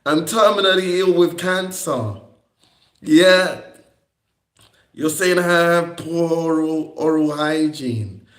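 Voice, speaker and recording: A man's voice: on the high side, slow pace, long pauses, a bit bright. A young man on a livestream, rambling and confrontational, repeating himself and swearing at his critics. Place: indoor room on a livestream. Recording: echoey room.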